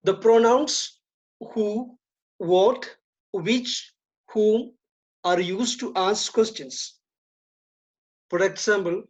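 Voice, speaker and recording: A woman teaching an English grammar lesson, speaking deliberately, repeating and stressing key terms. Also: mid-range voice, darkish tone. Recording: dull lo-fi recording.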